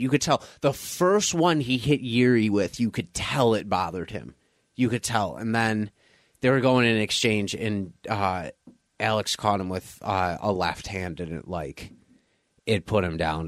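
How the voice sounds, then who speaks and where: A man co-hosting a podcast in casual chat, telling a story with animated energy and acting out his friends' voices. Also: on the low side, no room sound, clean studio sound. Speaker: podcast co-host.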